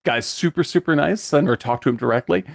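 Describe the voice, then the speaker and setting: A man co-hosting a podcast, telling stories in a loud, animated way, swearing and laughing often. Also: a little high, fast talker, gravelly, dry recording, clean studio sound. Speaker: podcast co-host. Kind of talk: casual chat about a film.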